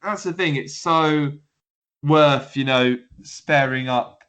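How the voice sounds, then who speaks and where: Speaking slowly, this male football podcast co-host has a fairly high, slightly bright voice. The conversation is casual, and he rambles, laughs, and restarts often.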